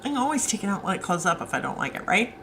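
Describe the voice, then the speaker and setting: A woman's voice: medium pitch, sing-song, racing, vocal fry, fairly bright tone, a little hiss or hum, rough recording. A woman author hosting a casual live stream, chatting and answering viewer comments as they come in.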